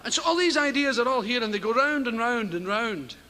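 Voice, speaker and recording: A Scottish stand-up comedian telling rambling, profane stories with frequent chuckles. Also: male voice, very high voice, lively intonation, fairly quick, sharp tone. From Scotland. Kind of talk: stand-up routine. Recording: heavy background noise.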